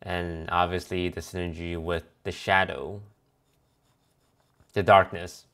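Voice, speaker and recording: A man with a low, gravelly voice talks through a card review in a loose, casual stream. He reads card text aloud and tosses offhand replies to viewers between cards. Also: little pitch movement, slow pace, a bit bright.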